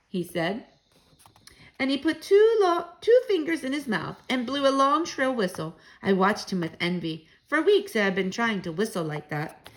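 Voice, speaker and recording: A woman reading a children's novel aloud, with expressive, animated delivery. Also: mid-range voice, rough recording.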